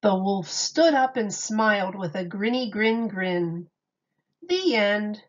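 A woman teacher reading a children's story and explaining a craft, gentle and clear, step by step. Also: mid-range voice, animated, slow pace, muffled recording.

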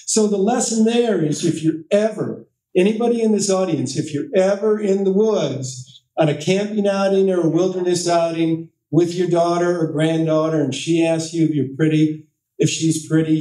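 A man's voice: high-pitched, fairly even intonation, normal speed, warm tone. A middle-aged man giving an author's talk at a library, telling anecdotes with self-deprecating humor and quoted voices. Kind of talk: storytelling talk to an audience. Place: library meeting room. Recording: echoey room, distant mic.

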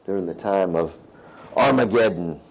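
This sermon comes from a pastor with a deep voice at a moderate pace, captured in a low-quality recording with slight background noise. He reads scripture aloud in a conversational way, regularly asking "right?" of his listeners.

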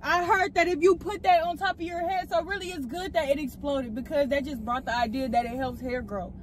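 A woman's voice: high voice, steady tone, fairly quick, slight background noise, poor audio. A woman vlogger pulling a prank, coaxing and teasing with mock-soothing talk inside a car. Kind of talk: casual prank banter in a car.

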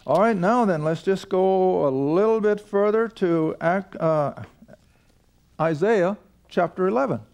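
Unhurried and a little mellow, this older man's high voice carries vocal fry as he leads a Bible study for a seated class before a studio audience. He reads passages aloud and asks the group homey, folksy questions.

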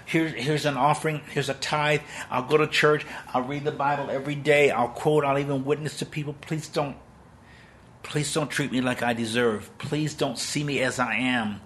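A man's voice: medium pitch, very animated, takes it slowly, long pauses, fairly bright tone, slight background noise. A man playing a frightened pleading believer. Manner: pleading, anxious, rising voice. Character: frightened, pleading male believer begging God.

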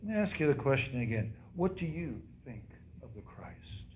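His delivery sing-song and his pace moderate, a medium-pitched pastor preaches in a church sanctuary. He quizzes the congregation and repeats the cries of the scripture story with drama, and there is a little hiss or hum.

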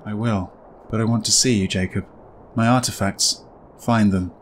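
A man reading as a hushed, accusing dead wife. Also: fairly low pitch, fairly even intonation, lightly acted. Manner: soft, hushed, slow reading. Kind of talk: reading game dialogue aloud.

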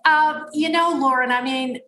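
Woman, 70s, a little scratchy, higher voice, thoughtful guest, roomy sound. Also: fairly even intonation, moderate pace, bright, forceful tone. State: slightly scratchy voice. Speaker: guest, author. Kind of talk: conversational storytelling.

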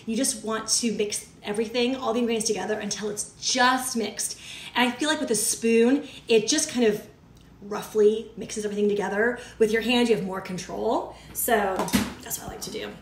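A woman's voice: on the high side, a little hiss or hum. A woman hosting a cooking show, chatting casually with viewers as she talks them through each step. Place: home kitchen. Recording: echoey kitchen, mic at a distance, clattering dishes.

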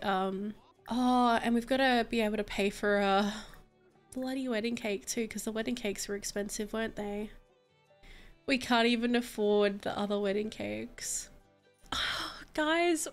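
A young woman, chatting over a life-sim game in a bubbly, gushing way, dropping to soft murmurs and rising to excited squeals. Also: on the high side. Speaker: gaming YouTuber. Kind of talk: casual gameplay commentary. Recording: faint music bed.

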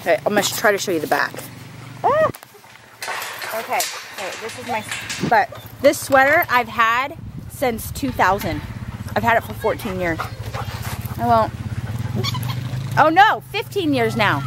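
A woman's voice: fairly high pitch, expressive, a little slow, pauses often, background noise. A woman in her thirties chatting casually to camera as a family vlogger, rambling and calling viewers "guys". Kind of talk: casual vlog chat to camera.

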